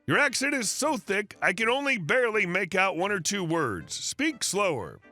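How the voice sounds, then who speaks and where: A woman's voice: mid-range voice, very animated, normal speed, sharp tone, faint music behind. A man reading the lines of an impatient, short-tempered woman shopper in a plain narrating voice.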